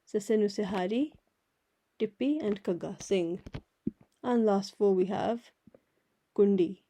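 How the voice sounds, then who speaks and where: A woman teaching a writing lesson, patiently explaining each letter and repeating words slowly. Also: medium pitch, warm tone. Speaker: language teacher. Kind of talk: slow step-by-step alphabet lesson.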